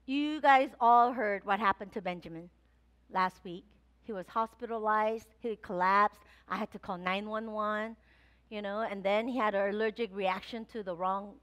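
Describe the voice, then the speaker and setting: A woman pastor preaching a sermon to her congregation, telling a personal story with animated retellings of her own thoughts. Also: medium pitch, moderate pace. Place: church sanctuary.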